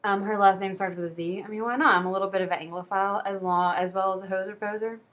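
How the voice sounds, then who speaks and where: A woman's voice: medium pitch, fairly even intonation, fast talker, highs cut off. Chatty woman reviewing a book. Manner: chatty, rambling, self-deprecating. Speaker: book vlogger. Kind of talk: casual book review chat.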